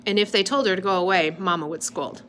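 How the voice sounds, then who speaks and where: A woman's voice: lowish voice, fast talker, fairly bright tone, a little hiss or hum. A woman reading a novel aloud in an unpolished, amateur way, stopping now and then to correct her slips. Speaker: reader.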